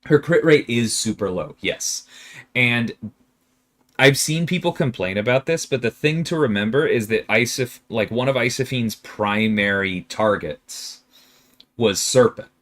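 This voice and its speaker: A man with a medium-pitched voice speaks unhurriedly as he hosts a laid-back game livestream, reading chat questions out and answering them. His pitch rises and falls a great deal, and when he pushes back he becomes emphatic and exasperated, ranting animatedly with laughter.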